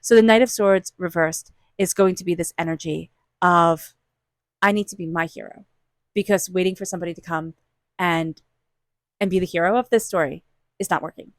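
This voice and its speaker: A woman's voice: fairly low pitch, steady tone, a little fast, dry recording, studio quality. A woman giving an earnest, encouraging tarot reading and acting out inner voices as she speaks. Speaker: tarot reader.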